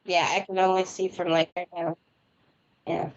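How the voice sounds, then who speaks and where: An American woman who reads palms and tarot does palm readings on a live stream over a remote internet connection. Her voice is on the low side, flat and moderately paced with lo-fi sound, and she chats in a rambling way, laughing often.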